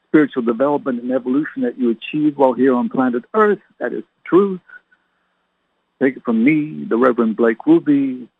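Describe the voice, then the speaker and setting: A man's voice: mid-range voice, slightly rough, dry recording. A man preaching as a reverend, firing rhetorical questions at his listeners and calling them his friends. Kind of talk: radio sermon. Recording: tinny phone-like radio sound, dry.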